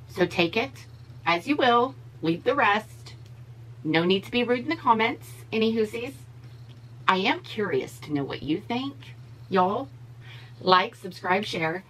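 A woman's voice: on the low side, fairly bright tone, a little hiss or hum, poor audio. A woman beauty vlogger giving blunt, opinionated commentary in a casual chat while she does her makeup.

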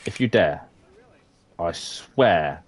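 A British man giving chatty let's-play commentary, muttering at the game with sing-song hums and sudden high exclamations. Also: expressive, very slow, slight background noise. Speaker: gamer playing for his sons.

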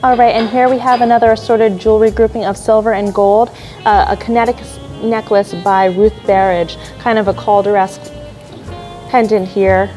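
Over faint background music, a female jewelry expert at an auction house walks through watches and jewelry in a preview, praising items and apologizing in small ways. She speaks at a moderate pace in an even, dark-toned mid-range voice, captured on poor audio.

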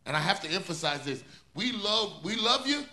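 A male pastor delivers a sermon in a bright, ringing voice, pitched a little high for a man. He preaches with swelling intensity and repeats his refrains over and over. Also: very animated, moderate pace.

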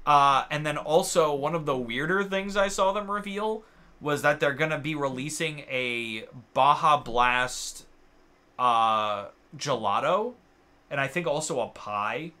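A man co-hosting a gaming channel, chatting casually while playing, rambling with lots of uh and like fillers, excitable and quick to swear. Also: a little high.

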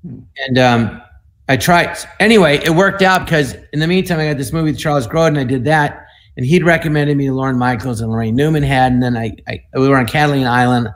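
Male, 60s, from the US. Panel guest, animated storyteller who acts out the dialogue. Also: medium pitch, brisk. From United States. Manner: animated, acts out other people's lines in the stories. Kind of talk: anecdotal storytelling.

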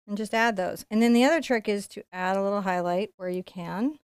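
A woman teaching a live-streamed painting lesson, chatty and playful, going quiet while she concentrates. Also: medium pitch, fairly quick, clean tone, dry recording, studio quality. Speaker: painting instructor.

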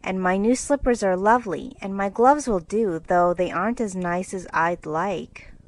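A woman's voice: medium pitch, moderate pace, close to an everyday voice, low-quality recording. A woman doing fretful girl Meg. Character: girlish teenage older sister, fussy about dress.

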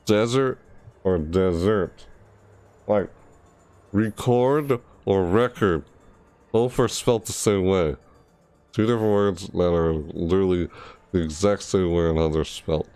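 A man's voice: low voice, fairly even intonation, normal speed, dark tone, clean tone, no echo. A tired man streaming a video game, mumbling and rambling to himself in casual commentary. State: tired, yawning.

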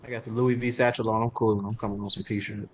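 A man's voice: lowish voice, little pitch movement, slight background noise. A man in a game role-play, talking boastfully about money and clothes. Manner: fast boastful street talk, shows off outfits. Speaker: fellow role-play player.

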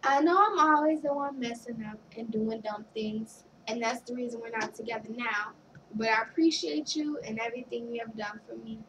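A young woman telling a candid, halting story about her relationship and reading a card aloud. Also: fairly high pitch, fairly bright tone, far from the mic, a little hiss or hum, poor audio. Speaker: vlogger. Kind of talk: casual personal storytelling.

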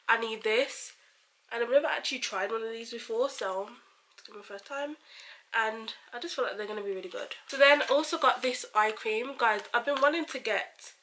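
Bright-voiced chatty young woman. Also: on the high side, slight background noise, poor audio. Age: young adult. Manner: chatty, bubbly, lots of fillers. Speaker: beauty vlogger. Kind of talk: casual haul chat.

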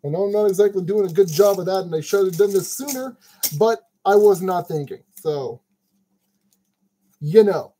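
This crafting video host has a high, warm voice at a normal speed, captured in a rough recording with a little hiss or hum. He narrates a model kit build casually, joking self-deprecatingly and muttering to himself as he sorts pieces.

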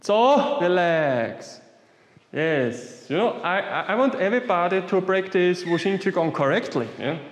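A man's voice: sits high, animated, unhurried. A man leading an exercise class in short commands and simple, non-native English, often checking in with "yeah?". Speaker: qigong instructor. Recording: echoey hall, voice from some distance.

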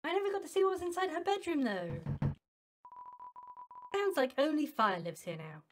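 Bubbly high-voiced woman gamer. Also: moderate pace, background noise. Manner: chatty, giggly, animated. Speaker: gaming video host. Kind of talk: casual game commentary.

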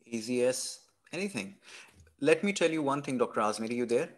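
A man's voice: mid-range voice, expressive, a little fast. A man coaching an exam candidate over a video call, encouraging and reassuring. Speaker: exam tutor.

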